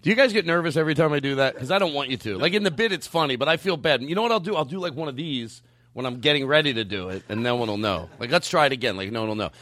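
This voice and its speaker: A man hosting a comedy podcast in a studio with a live band, amped up on coffee, animated and swearing freely as he slips in and out of joke voices. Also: medium pitch, very fast, no room sound. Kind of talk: loose comedic banter.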